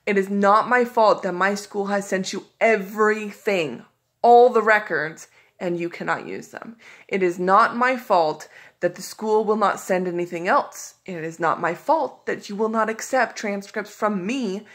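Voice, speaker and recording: A woman talks straight to her audience in a loose, conversational vlog style. Her voice sits at an ordinary middle pitch, and her frustration and exasperation come through as she retells what happened. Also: measured pace. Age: adult. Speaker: vlogger. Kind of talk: casual storytelling to camera.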